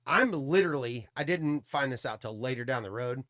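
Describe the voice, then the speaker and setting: A man's voice: medium pitch, a little fast. A man casually telling a long story, cursing freely and acting out what people said. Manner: swearing, animated storytelling with quoted dialogue. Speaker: podcast guest storyteller.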